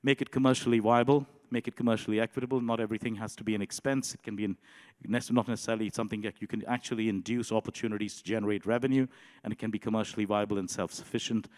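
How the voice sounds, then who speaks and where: A man giving a conference presentation in a measured way, often pausing with um and you know. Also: lowish voice, steady tone, darkish tone, in a large hall. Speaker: conference speaker. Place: conference hall.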